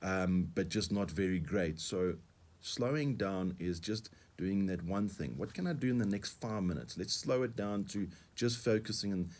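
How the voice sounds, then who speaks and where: Deep-voiced South African man coaching on radio. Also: moderate pace, a little mellow. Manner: earnest, repeats words, uses examples. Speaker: guest coach. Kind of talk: radio interview.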